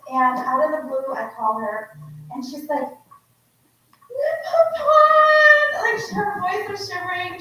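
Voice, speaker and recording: A high, bright-voiced woman in her forties, originally from Laos, speaks off the cuff at an indoor event in a heartfelt, emotional, conversational way. She stands well back from the microphone, so her voice rings through an echoey hall. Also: distant mic, slight background noise. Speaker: guest author speaking at an event. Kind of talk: unscripted personal storytelling. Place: indoor museum exhibit event.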